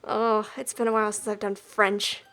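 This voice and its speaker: A woman's voice: mid-range voice, level tone, normal speed, a bit bright. A young adult woman streaming a game, chatting casually and poking fun at her own attempts at voices. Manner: self-deprecating and chatty.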